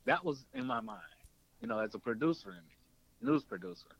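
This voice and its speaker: In an interview, a man who makes documentaries and once produced radio spins a lengthy story, animatedly voicing the people he quotes with leaps in pitch. His gravelly voice runs a little fast, and the highs in the audio are cut off.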